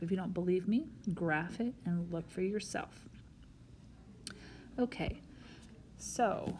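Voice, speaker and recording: A woman's voice: fairly low pitch, warm tone, slight background noise. A woman math teacher recording a whiteboard lesson, explaining each step patiently and talking straight to her students.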